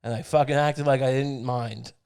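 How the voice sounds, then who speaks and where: A man's voice: mid-range voice, steady tone, moderate pace, vocal fry, darkish tone, clean tone, natural voice. Man plays a dying father, selfish and scolding, cursing at his little son. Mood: angry. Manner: exasperated, guilt-tripping, profane.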